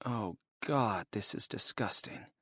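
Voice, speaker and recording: A man voicing a wary young woman stranded after a disaster, lifting his voice higher for her quick questions. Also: expressive, no room sound, clean studio sound, close to an everyday voice. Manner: bright, lifted pitch, quick asking.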